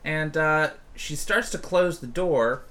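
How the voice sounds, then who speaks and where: A man narrating as game master of a tabletop game in a laid-back, loose way, with frequent pauses. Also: fairly high pitch, sharp tone.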